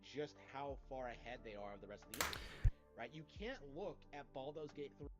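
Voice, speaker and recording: A man's voice: medium pitch, animated, a little fast, fairly bright tone. A man giving opinionated commentary, arguing his case and checking in with tag questions. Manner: argumentative, leans on tag questions. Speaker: video commentator. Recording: dull lo-fi clip with music.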